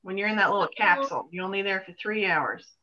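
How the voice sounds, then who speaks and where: A woman with a bright, crisp voice answers student questions as a co-presenter. Her talk is friendly and explanatory, and the video call audio sounds muffled and dull. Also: mid-range voice, fast. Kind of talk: remote classroom Q&A.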